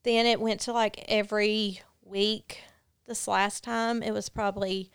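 A woman speaks as a podcast guest with a strikingly clean, clear voice at an ordinary pitch. She tells her story earnestly and candidly, pausing on fillers as she goes. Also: little pitch movement. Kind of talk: personal storytelling in a podcast interview.

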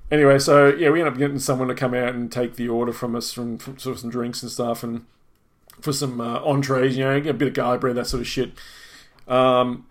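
Man, middle-aged, podcast co-host, profane, exasperated, casual rant, mid-pitched voice. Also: level tone, brisk. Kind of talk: casual ranting storytelling.

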